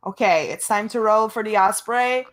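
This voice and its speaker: A young woman playing a tabletop game, excitable and cheering her party on. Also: medium pitch, normal speed. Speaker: player. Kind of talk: casual tabletop play.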